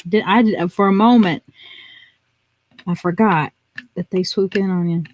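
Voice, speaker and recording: A woman's voice: on the low side, steady tone, unhurried, slight background noise. A woman, co-hosting a casual crafting livestream and telling funny stories with acted-out voices and lots of laughter. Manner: laughing storyteller, acts out voices. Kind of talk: casual chat.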